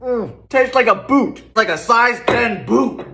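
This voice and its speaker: A man hosting a comedic cooking video in his home kitchen, firing off theatrical deadpan quips. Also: very high voice, slow pace, creaky, echoey room, background noise.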